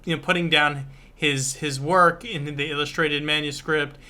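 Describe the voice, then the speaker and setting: A man with a bright, forward voice pitched a little high co-hosts a casual book discussion. He explains the story carefully, stopping and restarting his sentences. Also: steady tone. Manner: explanatory, halting with many restarts. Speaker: podcast co-host.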